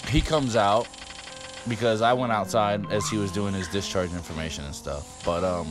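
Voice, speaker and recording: A man's voice: fairly low pitch, moderate pace, music in the background. A man in his fifties telling a story for his vlog in a casual, rambling way, with frequent swearing and fillers. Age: 50s. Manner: rambling, profane, lots of fillers. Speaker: vlogger.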